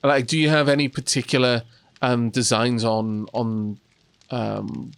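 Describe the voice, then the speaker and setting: A man's voice: medium pitch, level tone, unhurried, gravelly, no room sound. Dry-humored man chatting over gameplay. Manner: dry sarcastic humor, hesitant with ums. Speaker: let's play host. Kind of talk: casual co-op gameplay chat.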